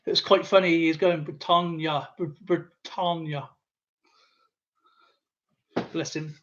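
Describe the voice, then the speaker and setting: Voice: mid-range voice, steady tone, moderate pace, fairly bright tone, a little hiss or hum. A host chatting casually to viewers on a live stream while showing a coin collection, rambling and talking straight to the audience. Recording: dull lo-fi sound.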